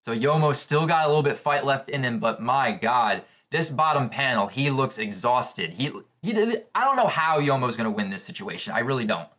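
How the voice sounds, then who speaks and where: A man giving live reaction commentary on a comic chapter, excitable and thinking aloud with restarts. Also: mid-range voice, moderate pace, few pauses. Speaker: comic reaction channel host.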